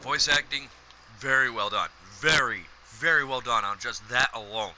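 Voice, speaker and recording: A man's voice: mid-range voice, normal speed, pushed and bright, a little hiss or hum, rough recording. Enthusiastic man doing gameplay commentary. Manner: enthusiastic, reads game text aloud. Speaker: let's play streamer. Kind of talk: casual let's play commentary.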